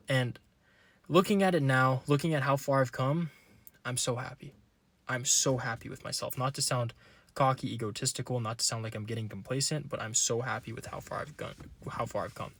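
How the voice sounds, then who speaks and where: A man's voice: medium pitch, no room sound. A young man giving an earnest, personal motivational monologue to camera, repeating himself for emphasis and pressing harder as he goes. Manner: earnest, repetitive, building to urgent emphasis. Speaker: vlogger.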